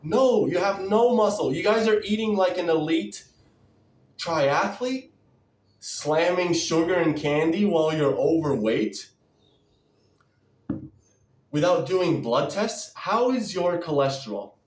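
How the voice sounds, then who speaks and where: A fired-up, sarcastic man rants to his viewers, swearing and mocking them in quoted voices. He speaks slowly and deliberately in a fairly high voice. He is picked up from a distance in a roomy, echoing space. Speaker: diet vlogger. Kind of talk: ranting to-camera vlog. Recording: roomy echo, distant from mic.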